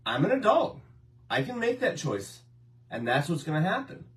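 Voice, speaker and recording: An earnest man talks through recovery with emphatic repetition. His pitch moves in animated swings. He sounds a little distant from the microphone. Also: normal speed. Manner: earnest, emphatic, repeats points for stress. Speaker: co-host, person in recovery. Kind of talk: casual chat.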